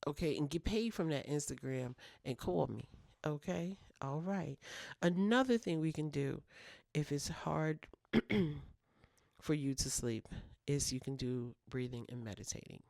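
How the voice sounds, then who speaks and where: Gravelly-voiced woman giving playful advice. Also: a bass voice, moderate pace, a little mellow, no room sound, studio quality. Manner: playful, teasing, clowning, with direct address. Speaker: podcast host. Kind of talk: casual advice talk to single mothers.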